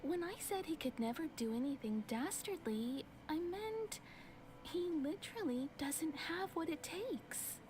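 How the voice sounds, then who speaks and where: A gentle game townswoman, soft and a touch squeaky, high and lilting. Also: animated, unhurried, background noise. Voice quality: soft, slightly squeaky, near-whispery voice. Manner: gentle, patient storyteller.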